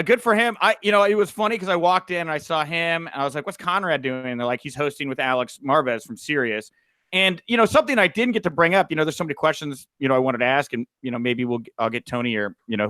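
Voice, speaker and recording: A man's voice: on the high side, no echo. A young man hosting a wrestling news podcast, chatting casually and telling stories with a lot of "uh" fillers. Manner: animated storyteller, frequent "uh" fillers. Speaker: podcast host.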